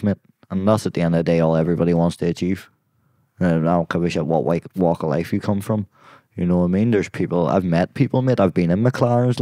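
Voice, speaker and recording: A man talking as a podcast guest in casual conversation, full of swearing, sudden loud exclamations and "mate". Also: low-pitched, dry recording.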